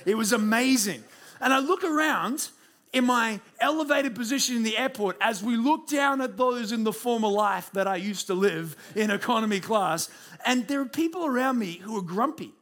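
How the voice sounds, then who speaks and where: A man in his late twenties, a pastor telling a story in a sermon, animated and self-deprecating, speaking in a church room. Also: very high-pitched, normal speed. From Australia.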